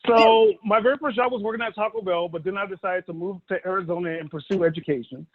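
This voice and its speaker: A man in his thirties doing a stand-up set, with a fairly high voice and a conversational, animated way of telling stories. He acts out the quotes in his anecdotes. The sound is thin and boxy, like a phone line, since his son is holding a phone to record him. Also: fast talker. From Dallas, Texas. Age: 30s. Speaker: stand-up comedian. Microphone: phone held by his son.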